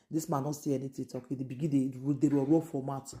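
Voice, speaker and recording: A woman's voice: very deep voice, level tone, a little fast, warm tone. A woman from Nigeria with a Nigerian Pidgin accent, hosting a casual gossip show in an exclaiming, repetitive, incredulous way.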